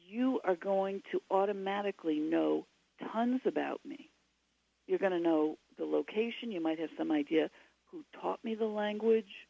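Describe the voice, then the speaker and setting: A woman's voice: lowish voice, normal speed, creaky. A woman guest talking casually in a radio interview, chatty and full of restarts, heard over a remote line. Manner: chatty, many fillers and restarts. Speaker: guest author. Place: at home. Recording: slightly dull lo-fi line.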